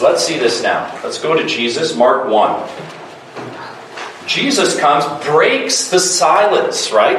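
A man's voice: fairly high pitch, fairly bright tone. Man, Bible study teacher, asks the group questions, distant mic, echoey hall, faint hiss. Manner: keeps quizzing the group with quick questions.

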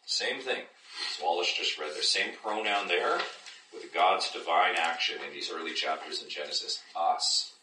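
A man leads a Bible class in a very low voice with a bright, forceful edge. He keeps drawing his listeners in with questions as he teaches. He is recorded from a distance in an echoey room. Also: normal speed. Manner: engaging, checks in with listeners often. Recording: echoey room, distant mic, faint noise.

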